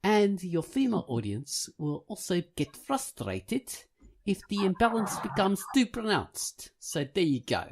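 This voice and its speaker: A man reading a forum post aloud in a put-on South African accent, with a gravelly, husky voice. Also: high voice, big pitch swings, unhurried, a little hiss or hum, voice pushed up, exaggerated voice. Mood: measured.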